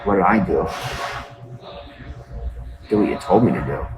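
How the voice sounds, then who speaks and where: A man's voice: low-pitched, expressive, unhurried, over loud music. A man hosting a casual livestream from his phone, rambling to his viewers with lots of fillers and asides. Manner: rambling, filler-heavy, repeats "just saying". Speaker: livestream host.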